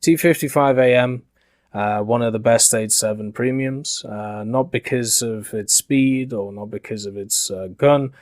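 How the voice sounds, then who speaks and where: Man from Yorkshire, smoothed middle-class British accent, mid-range voice, loose rambling gaming commentary, close dry mic. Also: mid-range voice, measured pace, a little mellow, dry recording. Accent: softened middle-class British. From Yorkshire, England. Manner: conversational and rambling, frequent uh fillers. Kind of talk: casual spoken commentary.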